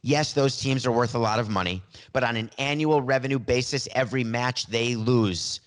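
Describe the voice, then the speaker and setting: A man's voice: medium pitch, moderate pace. A man hosting a solo podcast monologue, emphatic and opinionated, with self-deprecating asides, on a studio mic. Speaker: podcast host.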